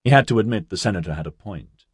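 Male audiobook narrator, low and husky, measured delivery, dry studio recording. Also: animated, dry recording. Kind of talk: scripted narration.

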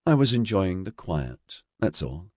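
A man's voice: low voice, very animated, unhurried, breathy edge, no echo, studio quality, heavily acted. A man doing an earnest young man.

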